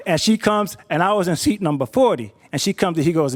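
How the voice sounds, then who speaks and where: A man's voice: high voice, expressive, a little fast. A man telling a personal story to an audience, conversational and doubling back on his words. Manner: conversational, repeats words while thinking.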